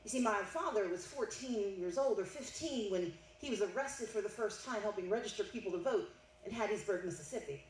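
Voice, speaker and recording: A woman's voice: mid-range voice, expressive, a little fast. A middle-aged woman giving a keynote speech at a banquet, telling a family story and building to emphatic declarations. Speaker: keynote speaker. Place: banquet hall. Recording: echoey hall, mic heard from a distance, faint noise.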